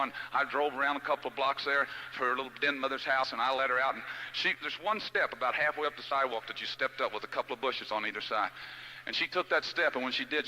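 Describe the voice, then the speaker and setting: A man's voice: mid-range voice, sharp tone, slight background noise, rough recording. A middle-aged man giving a motivational speech, telling a personal story in a folksy, heartfelt way. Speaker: motivational speaker.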